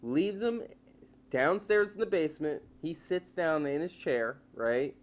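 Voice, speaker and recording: A man co-hosting a casual comedy podcast, telling a story in an animated way and acting out the voices. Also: fairly high pitch, a little slow. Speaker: podcast co-host.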